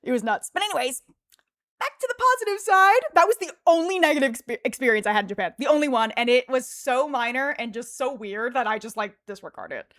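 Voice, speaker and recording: A woman streamer chatting casually and telling an animated story, laughing often and peppering her talk with fillers. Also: on the high side, fast talker, hardly any pauses, no echo, studio quality. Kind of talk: casual livestream chat.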